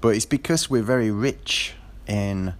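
A man with a somewhat low voice chats casually about football. He rambles, stopping often for fillers and starting his sentences over. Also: measured pace. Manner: rambling, with frequent fillers and restarts. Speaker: football fan. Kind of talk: casual monologue.

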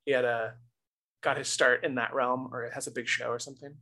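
A man's voice: mid-range voice, little pitch movement, fairly quick, sharp tone, poor audio. A man co-hosting a podcast, chatting casually in a joking, rambling way with restarts. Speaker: podcast co-host. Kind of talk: casual chat.

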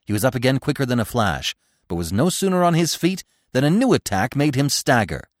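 A man, the podcast host, narrating a classic storybook in an expressive, dramatic way. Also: medium pitch, a little fast, dry recording, clean studio sound.

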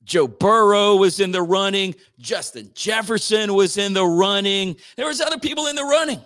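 A man's voice: high-pitched, animated, moderate pace, hardly any pauses, fairly bright tone. A male radio host rambling through sports news in a slangy, casual chat. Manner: rambling, slangy, says dude a lot.

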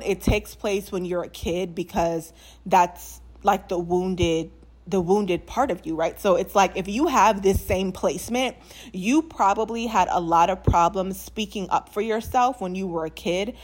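A young woman from New Orleans with no local accent, chatting casually to camera in a life update, animated, with lots of fillers and frequent laughs. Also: mid-range voice. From New Orleans, USA. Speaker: vlogger.

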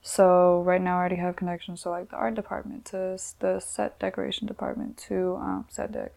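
A woman in her twenties, a podcast guest, chatting casually in relaxed, slangy talk full of "like". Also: fairly low pitch, a little fast, gravelly. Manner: relaxed, slangy, many "like" fillers. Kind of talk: casual chat.

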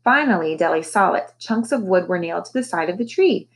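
A woman teacher reading a novel aloud to her class, with expressive, animated storytelling. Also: fairly low pitch, a little fast, low-quality recording.

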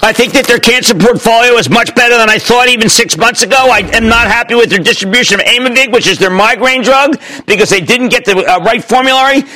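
A man in his sixties hosting a stock market call-in show on TV, talking emphatically with jokes and rapid asides. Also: extremely high pitch. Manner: emphatic, excitable, jokey, riffing. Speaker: host. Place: TV studio.

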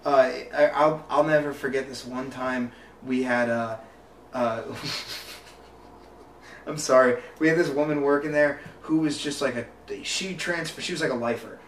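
A man rambling through stories in casual chat, halting with fillers and bursting into laughter. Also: medium pitch, a little hiss or hum. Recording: echoey room, mic at a distance.

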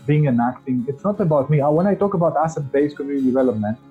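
A man for whom English is not his first language talks with passion and frequently restarts his phrases as he explains his points in a casual podcast interview. His voice comes through a tinny, phone-like line with a husky edge. Faint music plays behind him. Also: on the high side, expressive, rapid-fire. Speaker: podcast guest.

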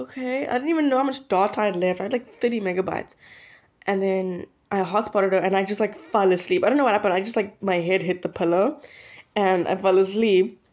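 A woman's voice: medium pitch, a little mellow. Teen girl rambling on her podcast, lots of likes and ums, kinda dull lo-fi sound. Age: late teens. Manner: chatty, rambling, many fillers and restarts. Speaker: podcast host. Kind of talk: casual storytelling monologue. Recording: slightly dull lo-fi audio.

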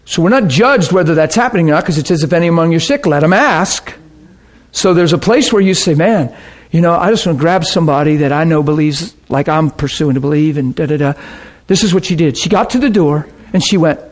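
A middle-aged man preaching a sermon, telling a story and acting out the people in it with big jumps in his voice. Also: brisk. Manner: animated, acts out quotes with big pitch jumps.

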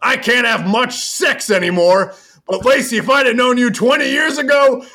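A man's voice: very high-pitched, normal speed, sharp tone, pitched above the performer's own voice. A man voicing a brash, lecherous old wrestler who hollers his crude lines.

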